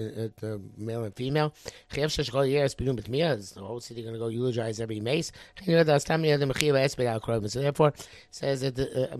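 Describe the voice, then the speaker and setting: Halting man reading and translating a religious text. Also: mid-range voice, no room sound. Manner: reads Hebrew phrases then translates them, halting with many fillers. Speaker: Torah teacher.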